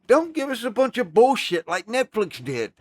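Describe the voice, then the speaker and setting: High-pitched and darkish in tone, this podcast host speaks at a normal speed with big swings in pitch. He rants emphatically in casual chat, swearing freely and addressing his audience as "folks."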